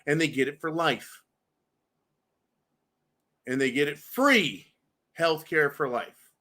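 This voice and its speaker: Hosting a political commentary show, a man with a fairly high, bright, pushed voice rants angrily at a slow pace. He swears constantly, sounds furious, and keeps calling his viewers "folks."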